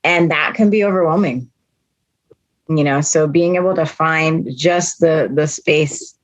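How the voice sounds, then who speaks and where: Low-pitched woman hosting a podcast. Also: unhurried, no room sound. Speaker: podcast host. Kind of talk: podcast interview.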